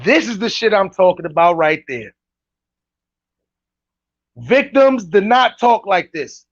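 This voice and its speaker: A man hosting casual reaction commentary, animated and incredulous, talking straight to his chat. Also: high-pitched, slow, no room sound, muffled recording. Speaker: commentary host reacting to clips.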